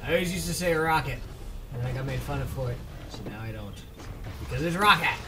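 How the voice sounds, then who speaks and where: A man's voice: mid-range voice, animated, fast talker, music in the background. A man casting a video game match alone, in a casual, rambling way, often stumbling over player names. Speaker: esports shoutcaster. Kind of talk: solo video game commentary.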